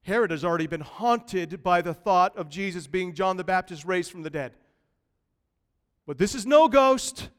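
A man preaching a lively, conversational sermon in a church, swinging from quiet asides to loud bursts. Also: high voice, normal speed. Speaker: pastor. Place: church sanctuary. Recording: long reverb of a large hall.

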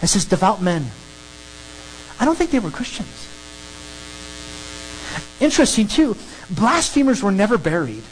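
A preacher giving an animated, emphatic sermon that works through a scripture passage. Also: mid-range voice, normal speed, pauses often, slight background noise, rough recording. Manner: animated, emphatic, acts out crowd scenes.

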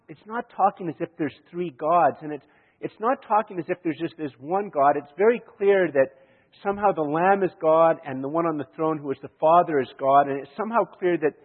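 A man's voice: fairly high pitch, husky. A man from Canada, preaching a sermon and telling stories, often restarting his sentences and chuckling. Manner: storytelling, chuckling, many restarts. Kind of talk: sermon with anecdotes. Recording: echoey hall, tinny lo-fi sound.

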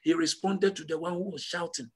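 A male pastor preaching with an emphatic, repetitive drive that swells into call-and-response. His voice sits high and sounds husky. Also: fairly even intonation, a little fast. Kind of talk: sermon.

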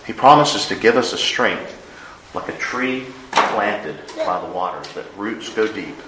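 A man preaching a sermon, earnest, rising to loud emphasis and dropping to hushed lines. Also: on the low side, lively intonation, a little slow, reverberant, heavy background noise. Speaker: pastor.

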